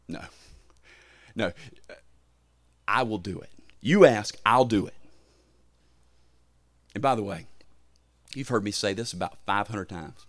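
A man's voice: fairly low pitch, a little slow, pauses often, no room sound. Impassioned man preaching a sermon. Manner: impassioned preaching, emphatic repetitions, sudden swells in loudness. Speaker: pastor.

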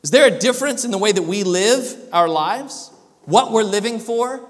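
Guy pastor preaching a sermon, kinda high voice, keeps restarting, echoey church. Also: expressive, normal speed. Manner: emphatic preaching with frequent restarts.

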